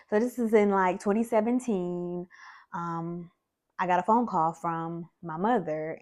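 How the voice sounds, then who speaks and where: Low-voiced woman telling a personal story. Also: a little mellow. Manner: reflective, conversational, many fillers. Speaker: vlogger.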